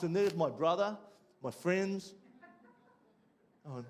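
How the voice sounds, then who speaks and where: An Australian man preaching, telling a personal story with lively ups and downs before dropping quiet and low for the lesson. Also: takes it slowly, long pauses. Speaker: pastor. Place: church.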